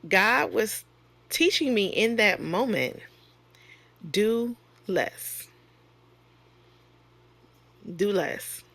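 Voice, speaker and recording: Woman, nurse, casual vlog monologue; gravelly fry, frank and chatty. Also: medium pitch, lively intonation, takes it slowly, a bit bright, no room sound. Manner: frank and conversational, rising sharply when retelling exchanges. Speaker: nurse and online course creator.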